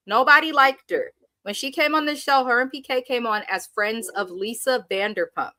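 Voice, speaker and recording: A woman's voice: fairly high pitch, moderate pace, sharp tone, no echo. Woman, co-host, casual recap chat, blunt, sassy, dry close sound. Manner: blunt, sassy, reads out viewer comments. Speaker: show co-host.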